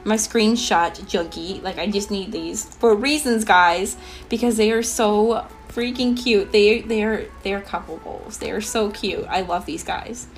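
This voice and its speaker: A young woman hosting a let's play, chatting in a bubbly, excitable way full of "like" and "um". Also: medium pitch, unhurried. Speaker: gaming channel host. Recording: light background music.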